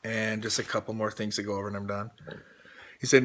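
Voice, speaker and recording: A man's voice: fairly low pitch, monotone, brisk, a bit bright. A man in his thirties casually recapping a coaching call, retelling quotes at length with rambling restarts.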